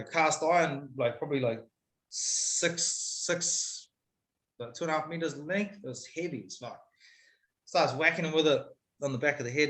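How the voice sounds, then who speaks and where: A man's voice: on the high side, sharp tone. A man, a guest telling a story casually and candidly, swearing freely. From New Zealand. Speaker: guest, MMA fighter. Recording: roomy echo.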